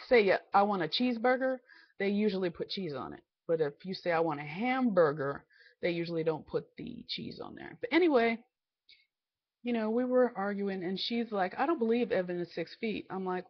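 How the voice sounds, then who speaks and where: A woman vlogger telling a rambling, exasperated story about her family, quoting each exchange in quick back-and-forth. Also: fairly low pitch. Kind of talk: casual storytelling rant. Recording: slightly dull lo-fi home recording.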